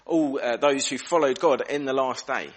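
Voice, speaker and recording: Male preacher, mid pitch, earnest sermon delivery, shifts pace and volume to stress points. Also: moderate pace. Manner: earnest, reflective, varies pace and volume for emphasis. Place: church.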